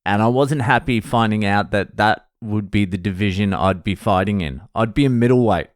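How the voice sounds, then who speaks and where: An Australian man hosts a solo podcast, rambling and poking fun at himself while swearing heavily in casual talk. His voice is on the low side at a normal speed, captured as a dry, clean studio recording.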